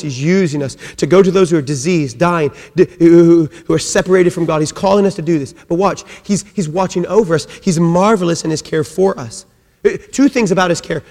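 A male preacher delivering a sermon, emphatic and repetitive, swinging between raised calls and hushed phrases. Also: a little high. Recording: echoey hall.

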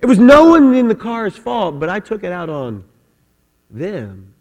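A middle-aged man, a pastor, telling a personal story in an animated sermon in church. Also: high-pitched, unhurried, lo-fi sound. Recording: long hall reverb.

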